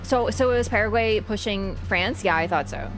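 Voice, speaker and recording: A woman's voice: mid-range voice, normal speed, faint music behind. A young woman streaming a game, chatting casually and ranting with lots of fillers and swearing. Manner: animated, swears freely, rants with many fillers. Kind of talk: casual livestream chat.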